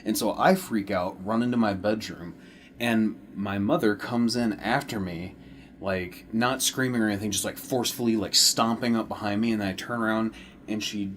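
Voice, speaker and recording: A man in casual chat, telling stories from his childhood at an easy, relaxed pace. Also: lowish voice, normal speed, a little hiss or hum. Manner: relaxed storyteller, laughs easily. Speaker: co-host.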